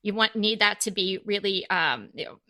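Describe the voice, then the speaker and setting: Bright, fast-talking woman co-hosting a chat. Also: medium pitch. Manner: fast, animated, acts out shop clerks. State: caffeinated and energetic. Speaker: podcast co-host. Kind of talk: casual chat.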